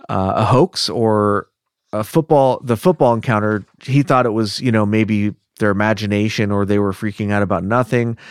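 A man co-hosting a podcast, telling a story in a relaxed, chatty way with joking asides. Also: medium pitch, clean tone, no echo, clean studio sound. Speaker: podcast co-host. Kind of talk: casual storytelling narration.

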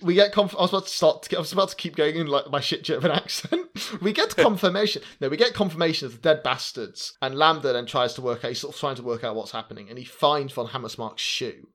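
A man casually recapping a movie with friends, animated and laughing often. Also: medium pitch, fast talker, few pauses. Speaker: podcast co-host.

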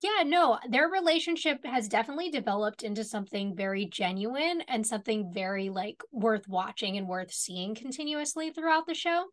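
Woman, podcast co-host, higher pitch, thoughtful, casual discussion. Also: expressive, moderate pace, hardly any pauses.

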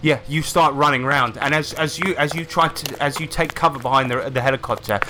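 A man's voice: on the high side, fairly even intonation, fairly quick, noisy background. A man narrating a tabletop game as game master, describing the action and often restarting his phrases.

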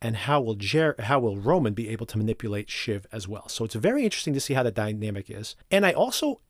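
Animated man recapping a TV episode. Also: on the low side, fast, no room sound, studio quality. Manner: animated and conversational, acts out characters' lines in quotes. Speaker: podcast host. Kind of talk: solo TV recap podcast.

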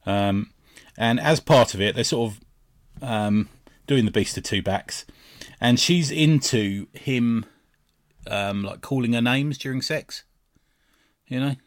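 A man co-hosts a relaxed podcast conversation, laughing often as he recounts scenes from a comic. His voice sits at an ordinary middle pitch. It is recorded close and dry with no room sound. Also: dry recording. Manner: laughs often, retells scenes with quick quoted lines. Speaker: podcast co-host. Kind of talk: casual chat about a comic book.

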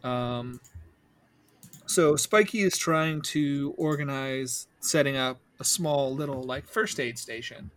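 A man narrating as game master in a calm, questioning way, with frequent fillers. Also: medium pitch, takes it slowly.

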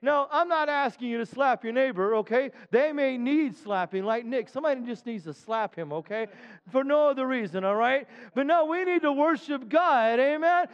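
A man preaching a sermon as pastor in a church, urging the congregation to respond and rising into loud chanted shouts. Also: very high-pitched, expressive, normal speed, clear, resonant tone, big-room sound, lo-fi sound. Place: church sanctuary.

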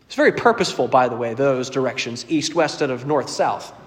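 A man preaching a sermon as a pastor, earnest and storytelling, moving between loud emphasis and quiet asides. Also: mid-range voice, lively intonation, brisk, big-room sound.

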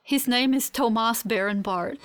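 A woman voicing a young woman just woken from stasis, soft, breathy and full of wonder. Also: on the high side, a little slow, pitched above the performer's own voice, natural voice. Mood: overjoyed.

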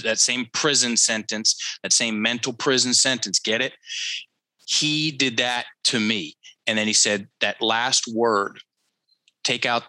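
A man's voice: mid-range voice, sharp tone, dry recording, low-quality recording. A man telling a story as a podcast guest, emphatic and teacherly, repeating key phrases for effect and speaking straight to the listeners. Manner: addresses listeners directly, teacherly. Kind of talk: conversational storytelling.

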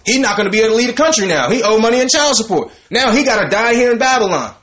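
A man leads a Bible study, talking through scripture in a loose, conversational preaching style. He is animated and informal, and his voice sits a little on the higher side. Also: racing. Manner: animated, conversational, breaks into laughter and mock voices.

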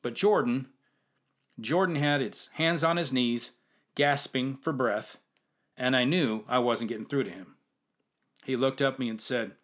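Speaking unhurriedly with frequent pauses in a mid-range voice, this man narrates a humorous tale in a lively way, performing the characters' dialogue. He hosts a storytelling show and coaches youth football.

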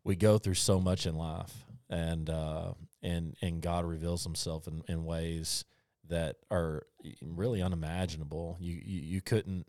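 Deep man, rambling, dry sound. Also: little pitch movement, a little slow, few pauses, a little mellow, dry recording. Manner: rambling, hesitant. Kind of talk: casual faith talk.

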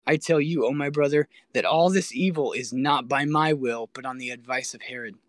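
A man's voice: medium pitch, moderate pace, no echo, studio quality, close to an everyday voice. A man reading as a stern Roman governor. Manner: formal, declamatory reading.

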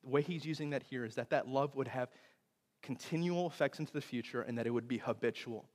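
A young man from Texas preaching a sermon, telling stories with big swings between loud bursts and hushed, tender moments. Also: medium pitch, quick pace. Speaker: pastor. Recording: long hall reverb.

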